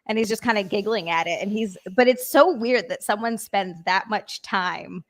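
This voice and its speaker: A woman's voice: medium pitch, moderate pace. A young woman from Hawaii, a guest on a casual podcast, chatty and frank. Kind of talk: casual chat.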